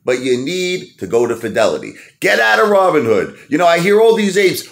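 Animated, high-pitched ranting man. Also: a little fast, gravelly, few pauses. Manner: rambling, animated, with repeated "baby" asides. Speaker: stock market vlogger. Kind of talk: excitable ranting monologue.

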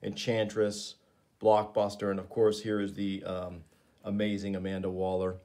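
A man's voice: fairly low pitch, monotone, normal speed, mellow. A man giving casual, enthusiastic commentary while reading through a comic, with frequent fillers. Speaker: comics reviewer.

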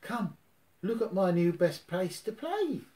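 A man voicing a small, eager, excitable young piglet in a storybook reading. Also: high-pitched, measured pace, voice pushed up. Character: gentle bouncy young male piglet.

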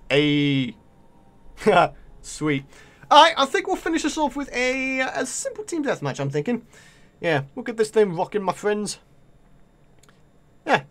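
A man with a British accent commentating live on his own gameplay, excitable and taunting his opponents. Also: sits high. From Britain. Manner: excitable, talks to opponents and viewers. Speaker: gaming video creator.

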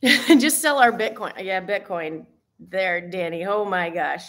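A woman's voice: mid-range voice, unhurried, fairly bright tone. A woman hosting a casual live stream, teary and gushing, exclaiming and laughing as she chats with viewers. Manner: gushing, exclaims often, laughs between lines. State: teary, emotional. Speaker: fitness live-stream host.

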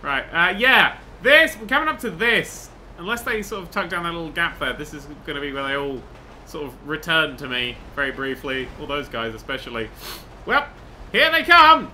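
A young man giving excitable gameplay commentary, swearing, laughing and humming tunes as he plays. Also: sits high, moderate pace, slight background noise. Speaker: gaming video host.

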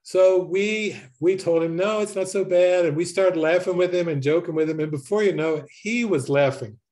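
A man, a spiritual teacher, telling a lively story and laughing often. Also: fairly high pitch, normal speed. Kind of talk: storytelling talk.

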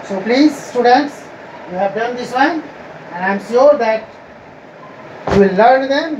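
A woman's voice: on the high side, darkish tone. Woman teacher in an echoey room. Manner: slow, repetitive explaining to students. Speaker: grammar teacher. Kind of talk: recorded online grammar lesson. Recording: echoey room with faint ambient noise.

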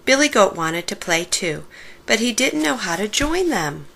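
A woman reading a children's picture book aloud, slowly and expressively. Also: medium pitch, vocal fry, a little hiss or hum. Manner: slow, warm-paced expressive reading. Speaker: storybook reader. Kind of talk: children's story read-aloud.

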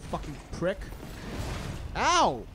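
Man swearing and shouting through a game. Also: wildly swooping pitch, very slow, loud music behind the voice. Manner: swearing, yelling at enemies, sudden pitch jumps. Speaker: gaming channel host. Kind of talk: blind let's play commentary.

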